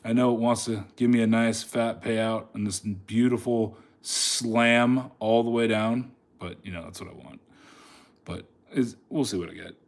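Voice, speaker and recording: A man's voice: lowish voice, unhurried. Man narrating his live trades casually. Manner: excitable, talks to the chart, laughs often. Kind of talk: casual live trading commentary. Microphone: phone held in hand.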